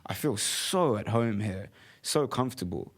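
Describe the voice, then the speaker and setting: A man from the UK co-hosting a casual podcast conversation, animated and laughing often. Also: fairly low pitch, a little slow. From United Kingdom. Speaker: podcast co-host.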